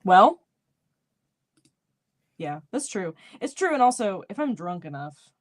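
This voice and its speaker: With a light North Carolina accent, a woman hosts a book club on a casual video call. Her medium-pitched voice is sing-song and slow, and she talks animatedly, laughing often.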